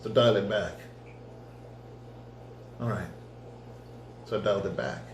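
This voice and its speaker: Man, pastor, conversational sermon, animated storytelling, echoey church room. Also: fairly low pitch, a little slow, slight background noise. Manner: animated storytelling, acting out dialogue.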